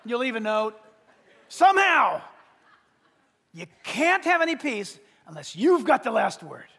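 A male pastor preaching a sermon in a humorous, animated way, acting out little everyday scenes. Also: very high-pitched, normal speed, gravelly, husky, big-room sound.

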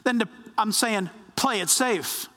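A man preaching a sermon as pastor, animated and acting out quoted voices. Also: high-pitched, a little slow, long reverb tail.

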